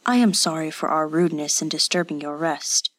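A woman voicing a calm, watchful male village official who speaks in a measured, firm way in an audiobook. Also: sits low, no room sound. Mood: formal.

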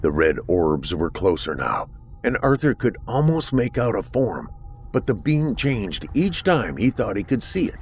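A man narrating a horror story with steady, dramatic delivery. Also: lowish voice, unhurried, a little hiss or hum.

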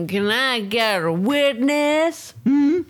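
A woman voicing a drunk woman calling out slowly and loudly. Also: high voice, expressive, pitched above the performer's own voice, heavily acted. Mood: drunken. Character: drunk woman slurring at a crowd.

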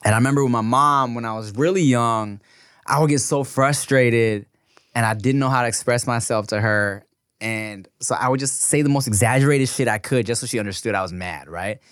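Relaxed man in podcast chat. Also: medium pitch, a little fast, smooth, dry recording, clean studio sound. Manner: relaxed, acts out voices in his stories. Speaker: podcast co-host. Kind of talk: casual chat.

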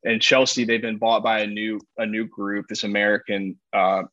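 A man with a fairly low voice talks soccer in an easygoing, rambling way, full of "you know" and restarts. The sound is dry and close, with a slightly dull, muffled top end. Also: little pitch movement, normal speed, pushed and bright, no echo. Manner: rambling, many fillers and restarts. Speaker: podcast co-host, soccer analyst. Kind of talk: casual sports chat.

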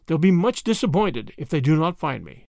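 A man voicing a courteous, mysterious stranger who speaks calmly and politely. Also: a little high, moderate pace, gravelly, no room sound, clean studio sound. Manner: calm, courteous.

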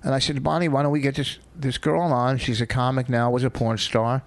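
A man's voice: medium pitch, level tone, a little fast, dry recording. A man hosting a loose comedy talk show, telling stories in a rambling, profane way. His voice sits in a middle register. The recording is dry and close. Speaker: comedian host. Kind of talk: casual chat.

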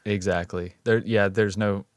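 A man's voice: on the low side, steady tone, measured pace, dry recording, studio quality. A man, co-hosting a podcast and telling stories in a laid-back, laughing way. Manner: laid-back, laughs often, drawling storyteller. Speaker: podcast co-host. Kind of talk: casual chat.

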